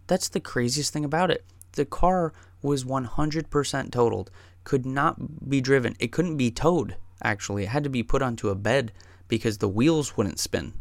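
A podcast host with a gravelly, mid-range voice tells a personal story in a casual, profane and emphatic style, saying "dude" and "man" a lot. There's no room sound.

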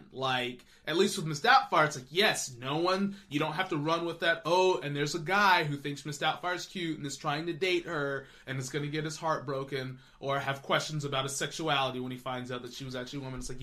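Podcast co-host, male, bright and fairly high voice, rambling casual film talk with lots of "like" and "you know.". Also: fairly quick, hardly any pauses. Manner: animated, rambling, many fillers and restarts.

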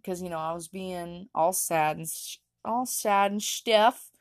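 A woman's voice: on the low side, normal speed, no room sound, clean studio sound. Giggly young woman rambling through a story. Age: young adult. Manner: rambling, giggly, lots of fillers and restarts. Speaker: vlogger. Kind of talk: casual storytelling.

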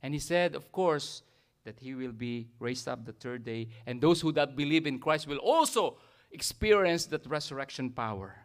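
A man with a Filipino accent preaching a sermon as pastor, animated and often tagging remarks with "isn't it?" and "amen?". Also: mid-range voice, moderate pace.

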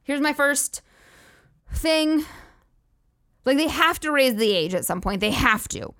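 A young woman hosts a comedy podcast. Her pitch sits a little high, and she rants sarcastically with lots of swearing. Her voice is recorded dry and close with no room echo. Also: animated, unhurried, a bit bright. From United States. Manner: sarcastic, profane, rambling asides. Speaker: podcast host. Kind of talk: casual comedic rant.

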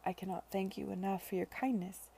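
Earnest young heroine, read by a woman, soft and heartfelt, slight fry in the voice. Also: medium pitch, level tone, fairly quick, slight background noise, lightly acted. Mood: tender.

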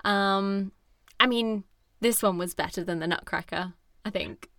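A woman in her late twenties co-hosting a podcast, chatting casually with quick asides and frequent laughs. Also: mid-range voice, a bit bright, no room sound. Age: late 20s. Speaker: podcast co-host. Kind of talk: casual chat.

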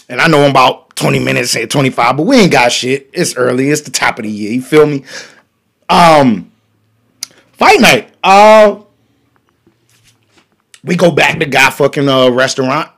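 A man hosting a podcast, telling a profane story in a casual, animated way, swinging from loud bursts to hushed asides. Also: mid-range voice, vocal fry. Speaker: podcast host.

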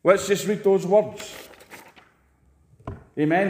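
A man's voice: takes it slowly, reverberant. A man preaching a sermon in a church, emphatic and rousing. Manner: emphatic, rousing, jumps high for stress.

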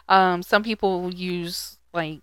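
A woman co-hosting a casual podcast, relaxed and teasing in conversation. Her lowish voice is smooth and clear, and the recording sounds dry and close. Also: extremely slow, no echo. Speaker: podcast co-host. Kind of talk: casual chat.

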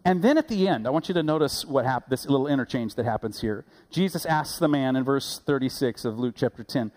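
A man pastor preaching a sermon, animated and rising loud on key points, with quick asides and self-corrections. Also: mid-range voice.

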